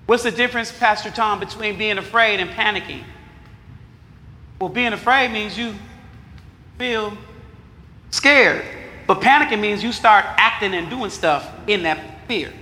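A male pastor preaching a sermon. He reads scripture, asks the congregation to answer back, and explains it in casual slang, sometimes shouting. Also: high voice, measured pace, pauses often, slight background noise. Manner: call-and-response preaching, shouting at peaks. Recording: echoey hall with long reverb.

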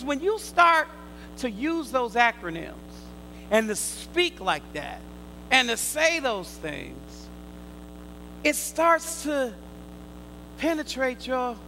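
A man preaching a sermon, quizzing his listeners in call and response, swinging from loud emphatic bursts to quiet asides. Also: extremely high pitch, big pitch swings, slow pace, pauses often, a little hiss or hum, low-quality recording.

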